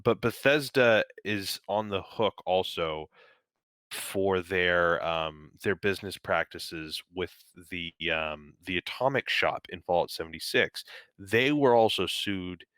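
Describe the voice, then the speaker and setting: Podcast co-host, male, deep voice, loose rambling delivery, dry close recording. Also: takes it slowly, fairly bright tone, clear, resonant tone, no room sound. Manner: rambling, many fillers and restarts, swears casually. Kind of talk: casual chat.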